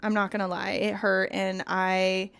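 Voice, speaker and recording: A woman's voice: medium pitch, completely flat delivery, unhurried, vocal fry, fairly bright tone, smooth, dry recording. A woman in her thirties hosting a solo podcast, talking candidly and confidingly, now and then stretching words for emphasis. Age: 30s. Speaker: podcast host.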